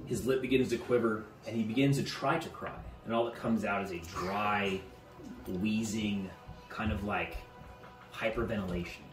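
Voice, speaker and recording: A man's voice: on the low side, fairly even intonation. Roomy-sounding man narrating as game master. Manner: halting, repeats words while describing. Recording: roomy, distant mic, faint music.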